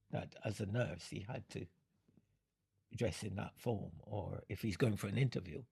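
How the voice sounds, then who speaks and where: An older man from Jamaica, speaking in an interview, unhurried and fond of analogies, often breaking into laughter. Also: lowish voice, gravelly, a little mellow, breathy edge. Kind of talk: reflective storytelling.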